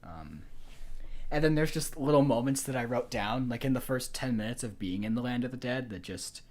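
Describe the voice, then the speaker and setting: A man co-hosting a podcast, in relaxed, casual talk about films. He rambles, hesitates, and circles back on himself, with many fillers before he gets to his point. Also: mid-range voice, normal speed. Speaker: podcast co-host. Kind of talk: casual film-discussion chat.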